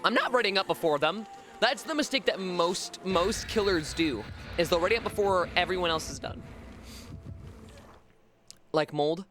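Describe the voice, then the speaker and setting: Animated, bright-voiced male streamer. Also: sits high, moderate pace, long pauses, a little hiss or hum. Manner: animated, swears freely, repeats words to test pronunciation. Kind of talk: casual live-stream gaming chat.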